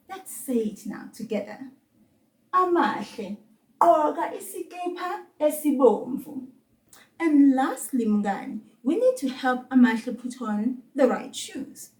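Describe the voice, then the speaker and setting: A woman with a South African accent teaching a children's language lesson, encouraging and patient, saying words slowly for kids to repeat. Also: on the high side, mellow, reverberant, recorded from a distance.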